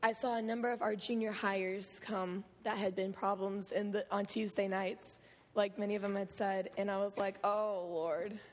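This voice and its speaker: A hoarse, worn-voiced teenage camp counselor giving an earnest, emotional testimony at church, laughing often. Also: female voice, mid-range voice, flat delivery, moderate pace, a little mellow, slight background noise. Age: late teens. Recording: long hall reverb.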